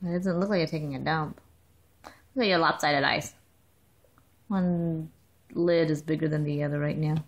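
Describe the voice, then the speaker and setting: A woman's voice: deep voice, fairly even intonation, moderate pace, pauses often. A mother talking to her baby in a home video, coaxing and teasing in playful sing-song baby talk.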